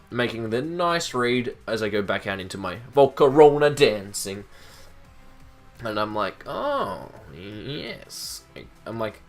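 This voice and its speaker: A man giving casual commentary on his own competitive game, animated and acting out his own reactions, with background music. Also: mid-range voice.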